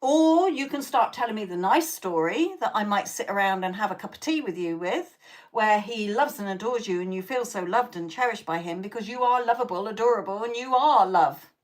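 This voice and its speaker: A woman's voice: medium pitch, expressive, fairly quick. A woman hosting a live tarot stream who chats with viewers in a blunt, profane way, laughs often, and keeps checking in with "okay?". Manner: coaching, repeats "okay?" to check in.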